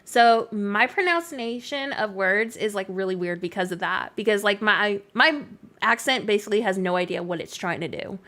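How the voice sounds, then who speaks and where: A woman's voice: mid-range voice, normal speed, fairly bright tone. A young-sounding woman from Canada with an accent mixing Canadian and Southern American, chatting casually on a live stream and answering her chat, with lots of "like" fillers. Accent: Canadian mixed with American Southern. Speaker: game streamer.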